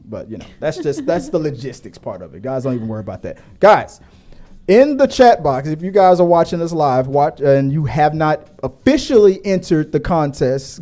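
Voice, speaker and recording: A man hosting a live movie talk stream, energetic and joking, rambling a bit between topics. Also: a little high. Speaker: podcast host.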